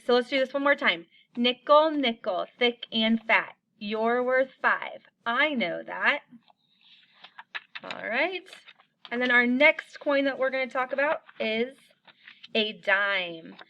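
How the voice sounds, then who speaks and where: In an online lesson, a woman teaches young children about coins, upbeat and encouraging as she slowly chants little rhymes for them to repeat. Her mid-range voice is pushed and bright, and the sound is lo-fi.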